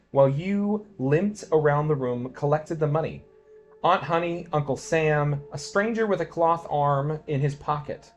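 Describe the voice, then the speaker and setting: A man giving a dramatic poetry reading, swinging between quiet musing and loud declamation. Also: on the high side. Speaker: poetry reader.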